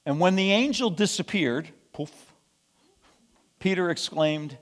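A male preacher telling a scripture story in a sermon, deliberate and emphatic, asking rhetorical questions. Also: sits high, expressive, in a large hall.

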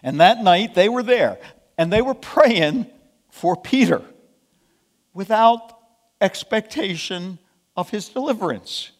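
Slow, high-voiced male preacher. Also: lively intonation, long reverb tail. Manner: deliberate, emphatic storytelling with rhetorical questions. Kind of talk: sermon.

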